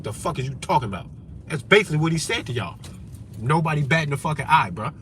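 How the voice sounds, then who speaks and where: Vlogger: man with a slightly high voice, combative and profane, faint vehicle hum behind. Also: lively intonation, fast talker, fairly bright tone. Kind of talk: profane ranting monologue.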